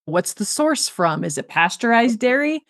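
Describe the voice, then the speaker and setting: A woman's voice: fairly high pitch, very animated, moderate pace, a bit bright, no echo, clean studio sound. A woman guest on a podcast interview, a nutrition coach talking in a blunt, emphatic way with casual swearing.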